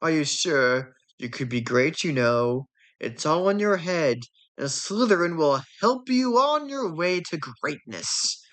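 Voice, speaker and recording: A woman voicing an old talking magic hat that ponders slowly in a fan reading of a film script. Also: sits low, lively intonation. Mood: pondering. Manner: musing, drawn-out pondering.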